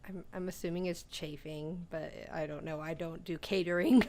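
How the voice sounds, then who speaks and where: A young woman co-hosting a podcast, telling stories in casual chat, swearing freely and breaking into loud laughter between lines. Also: on the low side, steady tone, moderate pace. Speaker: podcast co-host.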